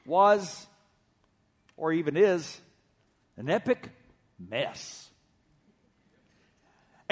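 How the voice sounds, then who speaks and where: A middle-aged pastor delivers a sermon in a higher-than-usual male voice. He talks in an easy, conversational way and slips humor into his stories. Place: church sanctuary.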